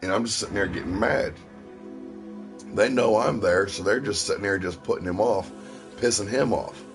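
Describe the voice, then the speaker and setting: A man's voice: fairly low pitch, normal speed, music in the background. A man from Ohio telling rambling personal stories in a casual, profane way. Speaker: stream host. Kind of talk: casual storytelling.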